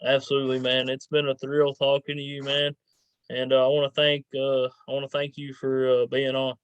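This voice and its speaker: A man's voice: medium pitch, monotone, moderate pace, clear, resonant tone, no room sound, dull audio. A man hosting a podcast interview in an easygoing, informal way. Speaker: podcast host. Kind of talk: casual interview chat.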